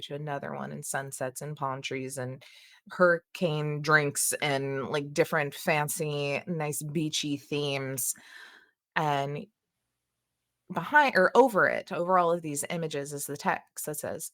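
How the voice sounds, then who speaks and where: A woman's voice: sits low, fairly bright tone. A woman running a tabletop game as game master, describing scenes in a laid-back way.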